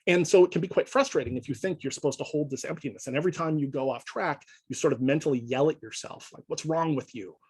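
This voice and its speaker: A man lecturing in a relaxed, conversational way, often checking in with his listeners as he explains. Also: on the high side, quick pace, hardly any pauses, slightly rough, no echo, rough recording. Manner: conversational, checks in with frequent "right?". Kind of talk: informal lecture.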